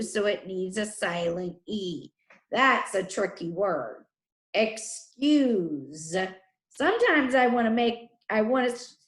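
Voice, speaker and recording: A woman teacher leading a spelling lesson for children, sounding out letters and syllables slowly and deliberately. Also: medium pitch, echoey room.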